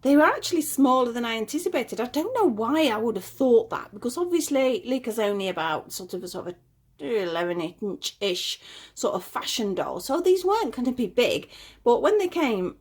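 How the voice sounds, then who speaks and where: Breathy, animated woman unboxing dolls. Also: a little high, normal speed. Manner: chatty, cooing over tiny details. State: a bit out of breath. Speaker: doll collector unboxing dolls. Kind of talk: casual unboxing chat to camera. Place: home.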